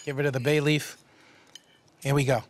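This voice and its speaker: A man's voice: medium pitch, flat delivery, normal speed, a little hiss or hum. A man hosting a cooking show, chatting folksily while he cooks. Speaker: cooking show host, a monsignor.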